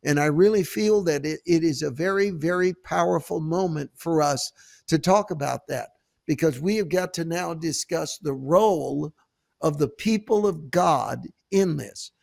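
Gravelly fervent male talk-show host. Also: on the high side, a little mellow, no echo, studio quality. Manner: emphatic, fervent, with halting restarts. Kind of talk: preacherly storytelling and interview.

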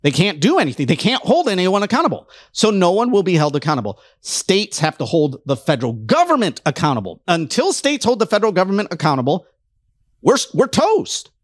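A man's voice: high voice, wildly swooping pitch, brisk, dry recording, clean studio sound. A man delivering an impassioned political rant, heated and emphatic, mocking his opponents in quoted voices. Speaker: political commentator.

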